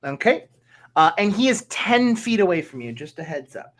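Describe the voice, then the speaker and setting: A man running a tabletop game as game master, tallying dice aloud in a measured way. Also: sits high, very animated, a bit bright.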